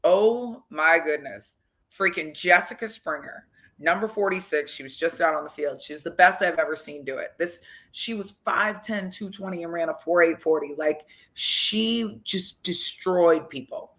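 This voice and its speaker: A woman guest on a podcast interview, telling animated stories and acting out the quotes with big jumps in pitch. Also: normal speed. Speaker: guest, former football coach. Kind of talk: lively storytelling in a podcast interview.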